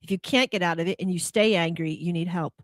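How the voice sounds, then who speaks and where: A woman's voice: fairly low pitch, quick pace, no room sound, studio quality. A woman hosting a spiritual motivational talk, probing her listeners with rhetorical questions. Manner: acts out quoted complaints in a heated voice. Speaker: host.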